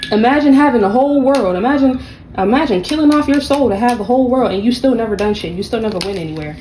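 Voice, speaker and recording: A woman's voice: fairly high pitch, animated, quick pace, a little mellow, a little hiss or hum, poor audio. A woman giving a casual tarot reading, blunt and profane, with sassy, mocking asides. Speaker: tarot reader.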